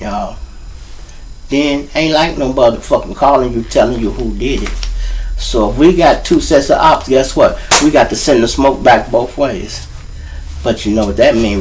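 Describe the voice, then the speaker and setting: A man's voice: medium pitch, recorded from a distance, slight background noise, low-quality recording. Profane Chicago man telling street stories. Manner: profane, rambling, keeps turning to the listeners with "y'all". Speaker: host. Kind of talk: street storytelling monologue.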